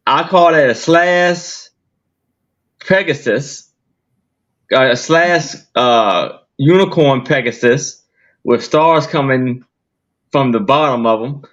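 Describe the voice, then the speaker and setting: A man, a guest vendor on a live sale, describing items in an unhurried, halting way. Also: medium pitch, a bit bright, muffled recording.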